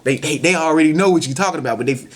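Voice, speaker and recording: Speaking very fast in a slightly rough, somewhat high voice, a man vlogs casual life advice straight to camera. His motivational talk is loose and slangy, peppered with "you know what I'm saying," and he acts out little scenes in other voices.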